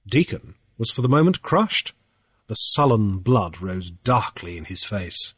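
Husky man reading a story aloud. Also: mid-range voice, animated, measured pace, fairly bright tone, no echo, studio quality. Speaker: audiobook reader.

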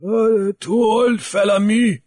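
A man voicing an old, withered island chief who talks in slow, weary, broken pidgin in an audiobook. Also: sits high, fairly even intonation, darkish tone, voice pushed up. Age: older. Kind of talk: audiobook character voice.

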